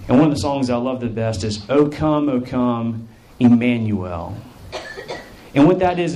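A man's voice: medium pitch, darkish tone, slight background noise. A male pastor preaching a sermon in an earnest way, drawing out phrases for emphasis.

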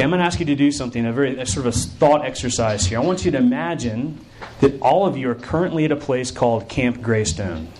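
Brief: male camp preacher, story-driven sermon, animated delivery. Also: slight background noise, low-quality recording. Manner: animated storyteller, lively shifts in pitch.

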